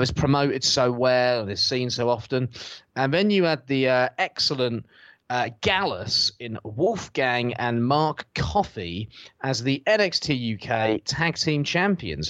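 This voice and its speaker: This is a man on a casual podcast, ranting with sarcasm and plenty of swearing. His pitch jumps around in a very lively way as he mocks things. The sound is dry and close, with no room echo. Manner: sarcastic, swearing, animated mocking rants. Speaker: podcast co-host. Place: at home on a sofa.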